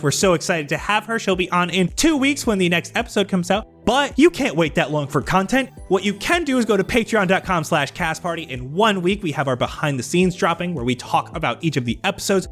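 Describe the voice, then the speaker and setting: A man as game master narrating scenes and reading out show promotions in a brisk, upbeat way. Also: on the high side, expressive, fairly bright tone, soft background music. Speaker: game master and podcast host. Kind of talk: game narration and sponsor read-out.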